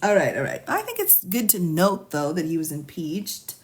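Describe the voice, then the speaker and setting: A woman's voice: lowish voice, huge pitch swings, normal speed. A woman attorney on a live stream who reads questions from a legal form aloud, then muses over them with frequent laughs and asides. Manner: asides, musing and thinking out loud.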